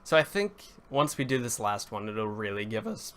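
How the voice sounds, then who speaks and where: This is a young man with a fairly bright, lowish voice and a sing-song lilt at a moderate pace. He gives loose, casual commentary during a building live stream, welcoming viewers, answering chat, and backtracking on his words, with the occasional crack in his voice.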